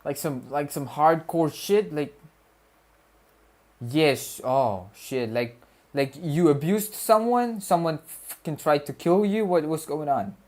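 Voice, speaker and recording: This student streamer's voice is slightly high and a little mellow, and he takes his time speaking. The young man rambles casually with his viewers on a livestream, repeats himself, and jokes around in slang.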